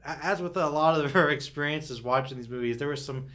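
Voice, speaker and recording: A man's voice: on the high side, fairly quick, a bit bright. A man co-hosting a podcast in casual chat, rambling and cutting himself off, laughing often. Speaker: podcast co-host.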